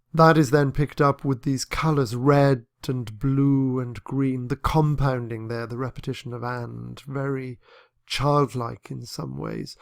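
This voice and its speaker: A man's voice: medium pitch, creaky, dry recording, clean studio sound. A man teaching a literature lesson on a poem, thoughtful and hesitant, with many fillers and restarts. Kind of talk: lecture on poetry.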